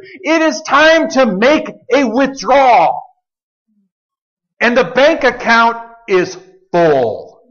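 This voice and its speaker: A man with a high-pitched voice preaches a sermon in an easy, conversational way. He often slips into quoting God and Jesus as he talks. The sound is dull and a bit lo-fi. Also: fairly bright tone. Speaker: pastor.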